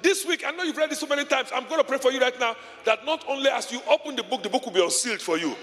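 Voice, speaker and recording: This male pastor's sermon in a large church auditorium is rapid-fire and expressive, delivered in an extremely high, fairly bright voice. He preaches with passion and short repeated phrases, over long hall reverb and faint music.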